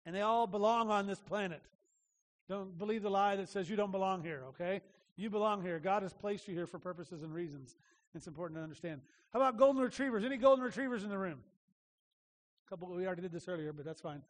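A male pastor giving a conversational sermon, animated, acting out little voices and asking the room questions. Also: high voice, fast talker, in a large hall.

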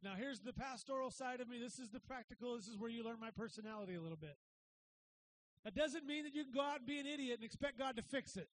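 A high-pitched middle-aged man preaches with restless energy, pushing to loud bursts and then dropping to quiet asides. He keeps the congregation close with a conversational "right?". A faint hiss sits under the recording. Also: fast talker, rough recording. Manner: conversational, says "right?" often. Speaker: pastor. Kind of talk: sermon.

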